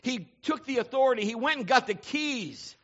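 A male pastor delivers a sermon in a high, bright voice that swoops all over the place. He tells stories animatedly and climbs to shouting. The recording sounds muffled and lo-fi. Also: normal speed. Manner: animated storytelling, building to shouts.

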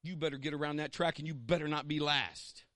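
A man playing a gruff football coach who yells orders right in a player's face. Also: on the high side, steady tone, fairly quick, no room sound, clean studio sound, close to an everyday voice. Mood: yelling.

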